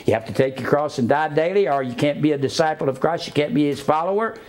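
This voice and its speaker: A man preaching a sermon, spelling out words letter by letter and swinging between low asides and raised emphatic preaching. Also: fast talker, darkish tone.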